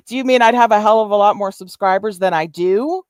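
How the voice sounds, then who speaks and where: A woman's voice: medium pitch, dry recording, clean studio sound. A woman hosting a commentary livestream, combative, sarcastic and profane as she answers another streamer. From Canada. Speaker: YouTube commentary host.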